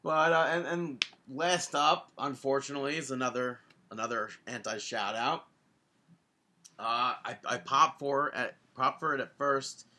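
A man co-hosting a wrestling podcast, chatting casually and telling stories with lively jumps in pitch when he gets excited. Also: a little slow. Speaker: podcast co-host.

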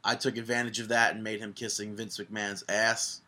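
Bright-voiced joking male host. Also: on the low side, little pitch movement. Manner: joking, teasing, quick banter. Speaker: podcast host. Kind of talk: casual chat.

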